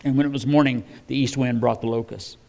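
A man's voice: mid-range voice, fairly even intonation, fast talker, vocal fry, darkish tone. Folksy preacher man teaching a sermon. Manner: folksy and conversational, with frequent fillers and restarts.

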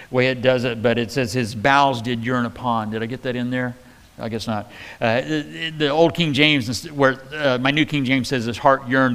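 A man teaching from the Bible as a pastor, in a relaxed, conversational way with joking asides. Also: medium pitch.

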